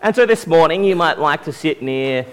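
A young man giving a gentle, conversational sermon to young people as their pastor, with many fillers. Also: on the high side, lively intonation, normal speed, clean tone. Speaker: youth pastor. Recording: long hall reverb.

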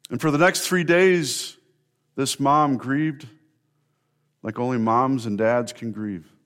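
A middle-aged man delivering an Easter sermon. His voice sits at an ordinary pitch, and he speaks earnestly. He pauses between phrases and builds emphasis as he tells the story. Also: a bit bright. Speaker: pastor.

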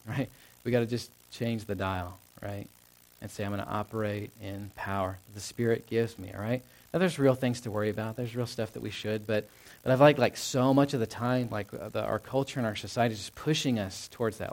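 Young male pastor, relaxed conversational sermon, lots of fillers and asides. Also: on the low side, a little fast.

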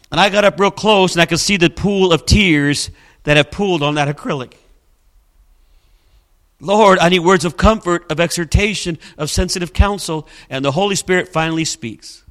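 A man's voice: on the high side, fairly bright tone. A male pastor preaching a sermon, telling a story dramatically with emphatic, repeated refrains.

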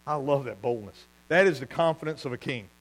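A man preaching a sermon as pastor, telling stories with lively asides and laughing at his own jokes. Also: medium pitch, brisk, poor audio.

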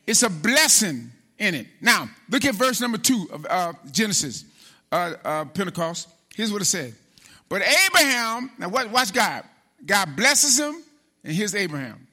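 A man preaching a sermon as pastor, animated, calling out to the congregation and acting out biblical figures. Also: high-pitched, normal speed. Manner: animated preaching with call-and-response; acts out biblical figures in quoted speech.

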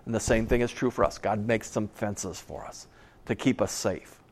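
A man's voice: on the low side, steady tone, normal speed. A middle-aged male pastor giving a sermon, driving points home by repeating them, with chatty storytelling asides. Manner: emphatic, repeating key phrases.

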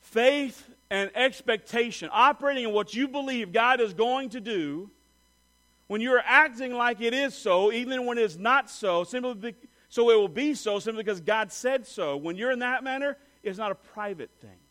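High-voiced man preaching with dramatic swings. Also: moderate pace, poor audio. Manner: dynamic preaching, swinging from loud emphasis to hushed low lines; asks the listeners direct rhetorical questions. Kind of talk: sermon.

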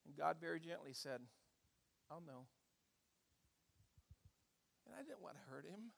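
High-voiced preacher in a reverberant hall. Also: male voice, sing-song, fast, gravelly, a bit bright. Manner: storytelling preacher, asks the congregation questions. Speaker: pastor. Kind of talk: sermon.

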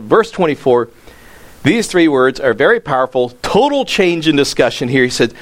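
Very animated and medium-pitched, this pastor speaks at a normal speed. He preaches conversationally, and his voice rises for emphasis whenever he hits a quoted line.

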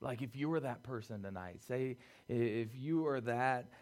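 A young man preaching a youth sermon, swinging between loud pleading and quiet, low talk. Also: normal speed. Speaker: youth pastor.

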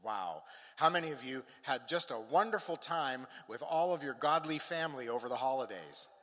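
A man's voice: mid-range voice, lively intonation, normal speed, a bit bright. A man preaching a sermon, emphatic, with rising and falling cadence and touches of humor. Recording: long hall reverb.

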